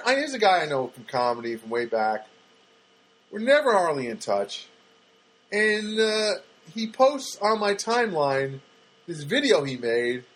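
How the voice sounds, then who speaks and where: A middle-aged man hosting a podcast, rambling through a comic monologue with halting restarts and dry, self-mocking jokes. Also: sits high, fairly bright tone, low-quality recording. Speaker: podcast host.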